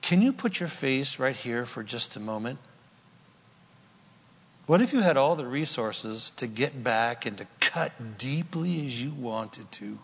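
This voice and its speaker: A pastor preaching a sermon, telling the story with animated energy and then dropping to a hushed, earnest prayer. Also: male voice, mid-range voice, measured pace, gravelly, husky. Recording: long reverb in a large hall.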